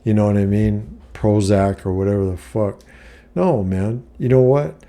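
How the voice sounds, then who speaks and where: A man's voice: fairly low pitch, measured pace, mellow. A middle-aged man talking bluntly to camera about his life, swearing often and asking "you know what I mean" after nearly every point. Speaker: vlogger giving life advice. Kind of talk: casual monologue to camera.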